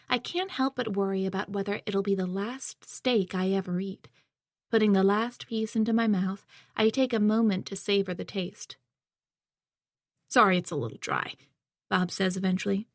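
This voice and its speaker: A woman reading a first-person audiobook in a measured, reflective way. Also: mid-range voice, darkish tone, no echo, studio quality. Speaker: audiobook narrator.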